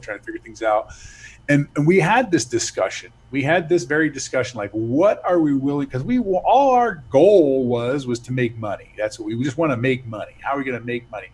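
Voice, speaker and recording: Man, interview guest, mid-pitched voice, halting, repeats words. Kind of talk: casual interview talk.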